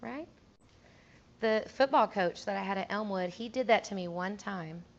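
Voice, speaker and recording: A woman's voice: mid-range voice, moderate pace. A young woman, a music teacher giving a casual conference talk, chatty, laughing often and acting out quotes. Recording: dull, lo-fi room recording.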